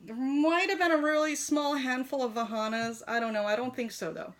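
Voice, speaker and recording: Talking fairly quickly in a high voice, the toy shop owner gushes about a collectible model horse as she reviews it casually from her home kitchen, filling her speech with fillers.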